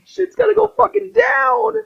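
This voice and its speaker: Guy doing a goddess hologram talking like a crude bro, voice pushed up high. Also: moderate pace, vocal fry, muffled recording, exaggerated voice. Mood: offhand. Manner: crude, offhand slang.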